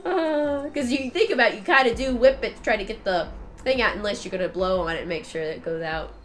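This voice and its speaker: A woman's voice: mid-range voice, fast talker, a little hiss or hum. A woman game streamer with a stuffed-up nose, chatting casually and rambling with frequent laughs while she plays. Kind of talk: casual gameplay commentary.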